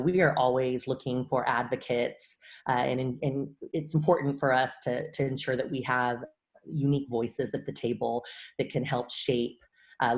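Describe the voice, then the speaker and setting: A woman, a university vice chancellor, answering interview questions in a measured way, with frequent "uh" fillers and repeated words. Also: rumbling low, a little mellow.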